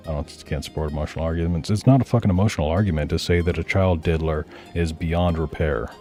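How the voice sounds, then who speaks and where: A man holds forth in casual ranting commentary, swearing freely and hammering his points bluntly. His voice sits very low, with a dark, mellow tone. Faint music plays under him. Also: fast talker. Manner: blunt, profane, heated. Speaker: streamer reacting to videos.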